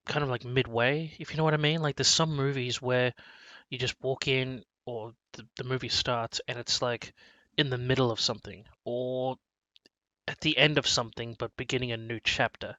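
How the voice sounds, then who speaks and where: A man's voice: medium pitch, bright, forceful tone, no echo. A man co-hosting a casual movie review chat, rambling with many restarts and fillers. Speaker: podcast co-host.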